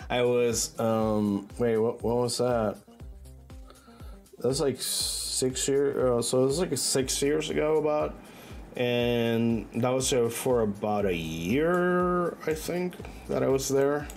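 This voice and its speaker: Male streamer, relaxed unhurried chatter, giggly and rambling, soft game music underneath. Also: mid-range voice. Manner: rambling and laughing often. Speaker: livestreamer. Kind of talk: loose casual chat while gaming. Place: own bedroom.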